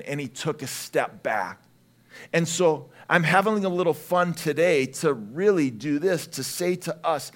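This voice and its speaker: A man preaching a sermon as pastor, lively and emphatic, at times rising to shouts. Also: fairly high pitch.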